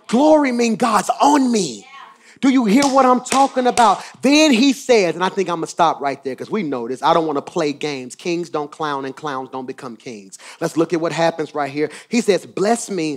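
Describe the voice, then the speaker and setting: High-voiced preaching pastor, dynamic delivery. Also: male voice, moderate pace, slight background noise. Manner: preaching with dynamic swings, from low asides to shouted emphasis; repeats words for emphasis. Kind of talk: sermon.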